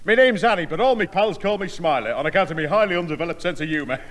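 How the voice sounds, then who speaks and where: An actor playing a loud, overfamiliar neighbour who laughs at his own jokes, in a vintage radio comedy. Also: on the high side, lively intonation, fast talker, in a large hall. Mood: jovial. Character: brash, joke-cracking middle-aged neighbour. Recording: old broadcast with studio audience laughter.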